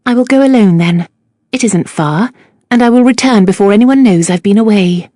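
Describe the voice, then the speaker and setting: A woman voicing a proud, decisive young lady who speaks crisply in an audiobook. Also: medium pitch, moderate pace, dark tone, no echo, clean studio sound, pitched above the performer's own voice, close to an everyday voice. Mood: indignant.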